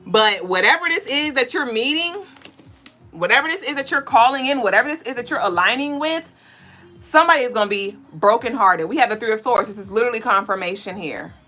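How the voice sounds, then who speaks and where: A woman giving a casual tarot reading on a live stream, talking in loose slang and swearing as she goes. Her voice sits fairly high and bright, with a lively, swooping melody. She is excitable and quick to get loud. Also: soft background music. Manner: loud, excitable and profane, bursting into laughing shouts; chatty and slangy, cursing freely while she reads cards. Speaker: tarot and astrology reader hosting a live stream.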